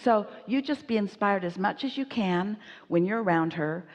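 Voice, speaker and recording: A woman giving an inspirational seminar talk, speaking as "we" in an emphatic, animated way while answering audience questions. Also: medium pitch, moderate pace, long reverb tail, dull audio.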